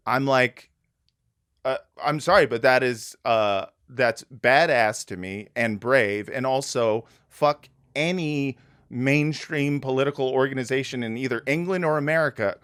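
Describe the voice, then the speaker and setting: A man's voice: medium pitch, a bit bright, no echo, studio quality. A man hosting a casual political podcast, speaking bluntly, swearing often and rambling with fillers and restarts. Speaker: podcast host.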